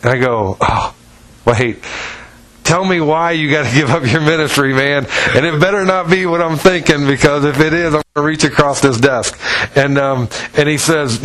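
Animated preacher man telling stories. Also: normal speed, rough recording. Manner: animated storytelling, acts out voices with pitch jumps. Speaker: pastor. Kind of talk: sermon.

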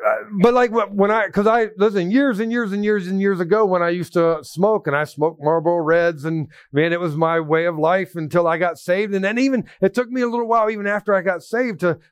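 A man's voice: a little high, dry recording. Folksy preacher man, dry close sound. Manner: folksy storytelling with asides to the congregation. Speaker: pastor. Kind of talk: sermon.

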